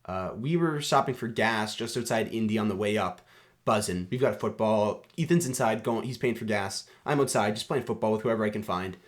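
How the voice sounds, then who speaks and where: A young man from Canada, co-hosting a podcast and telling animated road-trip stories in casual chat. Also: on the low side, fairly quick. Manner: animated, laughing storyteller. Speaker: podcast co-host.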